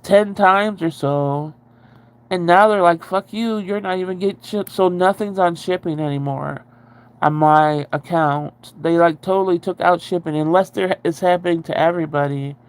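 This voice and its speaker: A woman's voice: lowish voice, steady tone, moderate pace, clear, resonant tone. A woman hosting a casual livestream, rambling and chatty as she answers viewer comments and swears freely. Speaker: livestream host.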